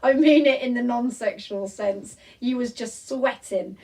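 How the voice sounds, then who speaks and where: Woman, high voice, casual live-stream chat, rambling, apologetic, lots of fillers. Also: unhurried, darkish tone, far from the mic, a little hiss or hum, poor audio. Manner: chatty, rambling, full of "um" and "like"; apologetic, reading out viewer comments. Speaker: vlogger hosting a live Q&A. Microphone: tablet recording.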